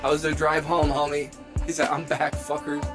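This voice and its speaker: A man's voice: on the high side, little pitch movement, normal speed. A man hosting a casual late-night music livestream, rambling and joking as he reads the chat aloud, with music playing behind him. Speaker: livestream host and music producer. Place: home studio. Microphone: studio microphone.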